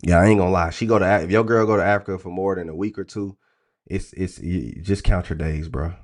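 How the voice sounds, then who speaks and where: A man hosting a livestream, talking in a blunt, crude, animated rant full of profanity. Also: low-pitched, fast talker. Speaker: trading stream host.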